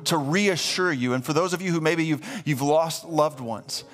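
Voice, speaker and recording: A man's voice: on the high side, moderate pace. A man preaching a sermon as pastor, emphatic and repeating himself as he builds. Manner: emphatic, repeats words when excited. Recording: live church stream with faint music.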